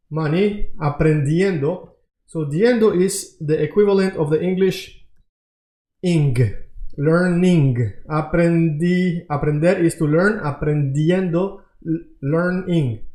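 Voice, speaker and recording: A man teaching an online Spanish lesson, who explains slowly and keeps checking in with the viewer. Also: a little high, darkish tone, echoey room.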